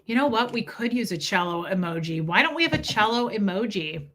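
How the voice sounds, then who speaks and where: A woman hosting a livestream, telling stories in an animated way with frequent laughs and reading out comments from the chat. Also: medium pitch, fairly quick. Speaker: livestream host. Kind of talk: casual chat with a live audience.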